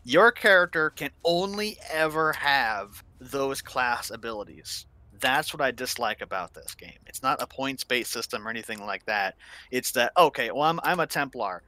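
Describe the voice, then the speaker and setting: A man chats casually about games, stopping and restarting his sentences as he goes. His voice has a bright, tense edge. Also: mid-range voice, animated, normal speed. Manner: chatty, hesitant restarts. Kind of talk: casual gaming chat.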